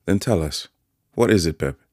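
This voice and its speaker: A man voicing a kindly, simple-spoken village blacksmith in an audiobook, with earnest, gentle country speech. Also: low-pitched, animated, moderate pace, dry recording, studio quality. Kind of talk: audiobook character voice.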